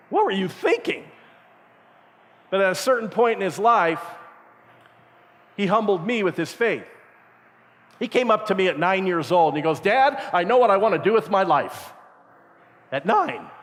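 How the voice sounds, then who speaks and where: A man's voice: high-pitched, normal speed, long pauses. A middle-aged man giving a camp sermon, telling stories and acting out the voices in them. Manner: acts out voices in his stories, animated. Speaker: camp speaker. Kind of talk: storytelling sermon. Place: camp meeting hall. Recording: reverberant hall.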